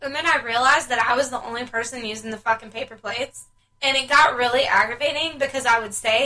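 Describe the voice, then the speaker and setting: Woman co-host, high bright voice, blunt exasperated swearer. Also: quick pace, poor audio. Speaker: podcast co-host. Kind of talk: casual chat.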